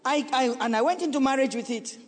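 A middle-aged woman pastor preaching a sermon, earnest and pleading, at times sinking into a soft, slow voice. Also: high voice. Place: church sanctuary. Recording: long reverb of a large hall.

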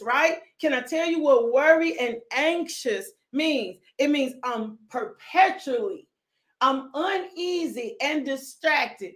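A woman's voice: sits high, normal speed, fairly bright tone. A woman preaching a fervent sermon. She breaks into sudden whoops and leads call-and-response, calling out to congregation members by name.

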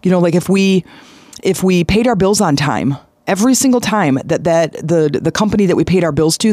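A host giving a casual motivational monologue, talking in a conversational way with rambling asides and sudden jumps in pitch for emphasis. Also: animated, a little fast, darkish tone, no echo. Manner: rambling asides and self-corrections.

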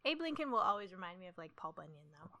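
A woman's voice: medium pitch, big pitch swings, rapid-fire, a crowd in the background. A woman co-hosting a podcast, chatting casually with wry, joking asides. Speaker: podcast co-host. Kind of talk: casual chat.

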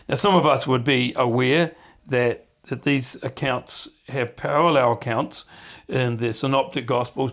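A man hosting a podcast, teaching from the Bible in an earnest, conversational way, often repeating words as he goes. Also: mid-range voice. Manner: earnest, animated when acting out quotes, repeats words.

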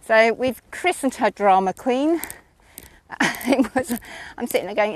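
A woman chatting casually about her horses, giggling often and filling pauses with ums. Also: a little high, lively intonation. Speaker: horse owner vlogger. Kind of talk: casual chat.

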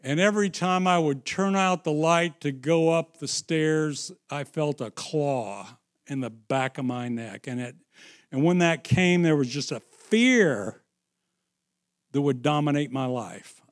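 A man preaching a sermon, slow and emphatic, dropping into hushed storytelling and rising again for emphasis. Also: a little high, animated. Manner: slow, emphatic, swings into sung and shouted phrases.

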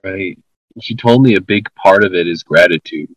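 Earnestly retelling a conversation, this podcast co-host speaks in a deep voice at a moderate pace, with many fillers and restarts in the casual chat. There's no echo, but the audio is poor.

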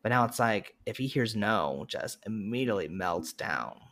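A man guesting on a casual podcast, telling playful, animated stories. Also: lowish voice, moderate pace.

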